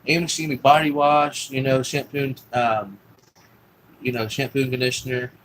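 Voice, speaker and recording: A man's voice: medium pitch, flat delivery, normal speed, a bit bright, slight background noise, rough recording. Rambling, cussing man telling his story. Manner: rambling, profane, full of fillers. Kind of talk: casual personal storytelling.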